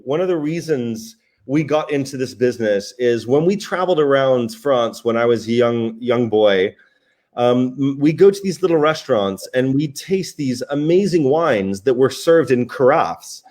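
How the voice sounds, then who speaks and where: A relaxed, chatty man telling stories as an interview guest over a video call. He talks at a medium pitch, with fillers and restarts. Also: moderate pace. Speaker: wine sales director, guest. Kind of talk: casual interview storytelling.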